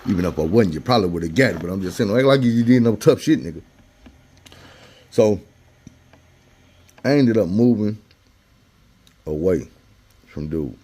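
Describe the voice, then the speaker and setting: A man with a fairly low voice spins a personal story in loose, slangy everyday talk. He keeps it conversational and jumps into the voices of the people he quotes. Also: animated, normal speed, pauses often, dark tone, husky. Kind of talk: casual storytelling.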